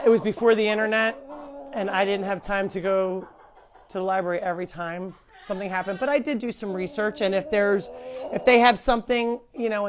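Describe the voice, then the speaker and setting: A middle-aged woman hosting a casual live stream from her animal sanctuary at home, chatting and talking to her pets in a sing-song way. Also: mid-range voice. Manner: chatty, talks to animals in a baby voice.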